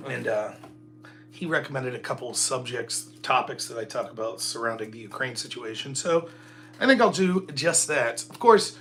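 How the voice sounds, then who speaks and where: Middle-aged male streamer, casual self-mocking chatter, bright voice, faint music under. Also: mid-range voice. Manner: joking, rambling, self-mocking. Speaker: livestream host. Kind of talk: casual solo livestream chat.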